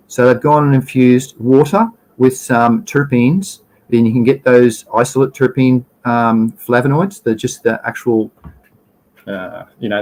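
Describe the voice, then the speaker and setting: A man's voice: mid-range voice, measured pace, darkish tone, low-quality recording. An Australian man hosting a casual livestream, rambling through slides, trailing off and restarting, greeting viewers in chat. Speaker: livestream host.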